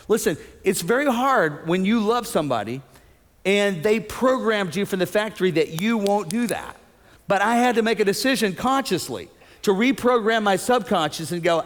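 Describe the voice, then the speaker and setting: A man preaching a sermon as pastor, animated, acting out the voices he quotes. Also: high voice, normal speed, a faint crowd, slight background noise. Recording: long hall reverb.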